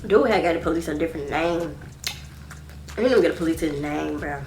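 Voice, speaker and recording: A woman in her twenties telling a storytime vlog in a blunt, profane, animated way. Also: low voice, fairly quick. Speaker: vlogger. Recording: echoey room.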